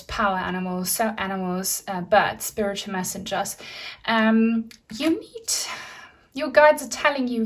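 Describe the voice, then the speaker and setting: A woman's voice: mid-range voice, fairly bright tone. Earnest woman reading tarot, slightly distant mic. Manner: earnest, direct advice with many fillers. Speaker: tarot reader.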